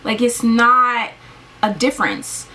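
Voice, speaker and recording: A young woman rants to her camera in a loose, talky way, scattering "like" through every thought. Her voice sits a bit high and sounds sharp and bright. The mic is slightly distant from her. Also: slow. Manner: ranting, heavy use of "like". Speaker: vlogger. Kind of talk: casual rant to camera.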